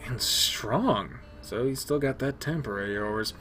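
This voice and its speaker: A man hosting a let's play, reading a visual novel aloud with excitable, rambling, profane reactions. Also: mid-range voice, measured pace, husky, faint music behind. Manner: excitable, swearing, rambling asides.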